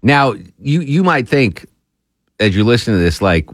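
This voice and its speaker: Animated man telling stories in casual chat. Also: a little slow, breathy edge, dry recording, clean studio sound. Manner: animated storyteller, jumps high in pitch when amused. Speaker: podcast co-host.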